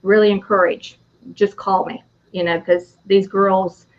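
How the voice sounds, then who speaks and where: A woman guest answers questions in a flat, even voice, filling pauses with "uh" and "you know". Her audio is dull and lo-fi, like a remote call. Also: mid-range voice. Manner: steady, with many fillers. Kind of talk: interview answer.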